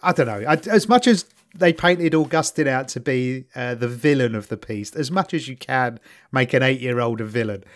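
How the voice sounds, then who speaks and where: A man's voice: medium pitch, normal speed. A man chatting casually on a podcast about a documentary he watched, laughing often and slipping into quoted voices. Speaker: podcast co-host. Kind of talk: casual chat reviewing a documentary.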